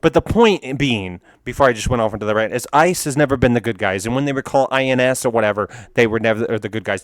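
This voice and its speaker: A man's voice: medium pitch, dry recording, clean studio sound. A man giving casual reaction commentary on memes, ranting and profane, laughing often.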